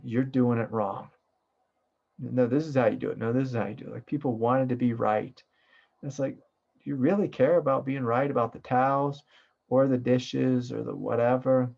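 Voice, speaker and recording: A man, a meditation teacher, giving a satsang talk in a gentle, reflective way with many fillers and asides. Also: medium pitch, vocal fry, highs cut off.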